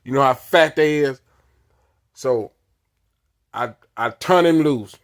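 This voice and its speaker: A man's voice: medium pitch, slow pace. A man telling a story in casual speech, with blunt, repeated phrasing, acting out the dialogue as he goes. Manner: acts out dialogue with many quoted lines; repetitive, blunt, punchy phrasing. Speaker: storyteller recounting his past.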